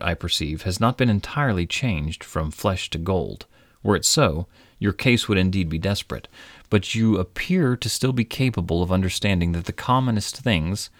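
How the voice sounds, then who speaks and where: A man voicing a calm, wise magical stranger who asks measured, probing questions in a storybook reading. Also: low voice, creaky, no echo, clean studio sound.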